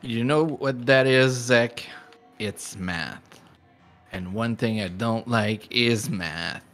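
A man's voice: mid-range voice, slow, fairly bright tone, faint music behind. A man hosting a live stream, chatting casually in a rambling, self-deprecating way and laughing often. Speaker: livestream host.

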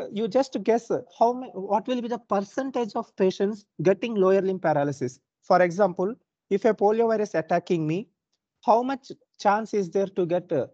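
A young man with an Indian English accent lectures online, explaining point by point with many "uh"s and calls to his students. His tone is mellow and soft-edged. The recording is dry and dull, like a modest lo-fi mic. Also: sits high, dry recording. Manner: explanatory, frequent "uh" and "so", checks on students. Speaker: university lecturer.

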